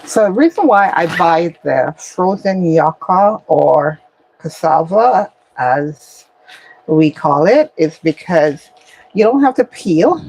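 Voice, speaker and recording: A woman hosting a casual home cooking vlog, explaining each step in an unhurried way as she cooks in her kitchen. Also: on the low side, lively intonation, gravelly, darkish tone, husky, poor audio. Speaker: cooking channel host.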